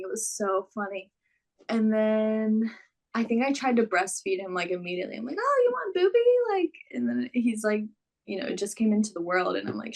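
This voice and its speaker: Chatty young woman with vocal fry. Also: fairly high pitch. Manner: relaxed, filler-heavy, chatty with laughs. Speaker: guest telling her birth story. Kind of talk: casual storytelling.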